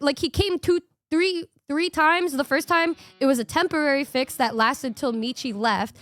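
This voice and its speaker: A young woman with a high, bright voice chats to her stream audience, spinning an animated story and swearing freely. She acts out her own reactions as she goes. Faint music plays softly behind her. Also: normal speed, hardly any pauses, no room sound.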